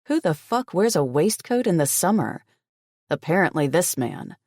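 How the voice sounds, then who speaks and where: A woman's voice: on the low side, big pitch swings, normal speed, a little mellow, dry recording. A woman narrating a first-person audiobook in a blunt, sarcastic manner with plenty of swearing, close to the mic.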